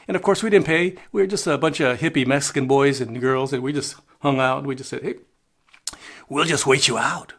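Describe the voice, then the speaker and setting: Older man with a gravelly voice. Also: mid-range voice, fairly even intonation, fast talker, few pauses. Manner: rambling, chuckling, drops in Spanish phrases. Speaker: travel vlogger. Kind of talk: casual storytelling monologue.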